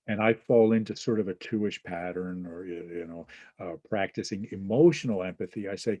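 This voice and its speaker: A man hosts a webinar as an Enneagram teacher, teaching casually and acting out small example scenes with quoted voices, plus many fillers and asides. His voice is on the low side, a little fast and darkish in tone, in a dry recording.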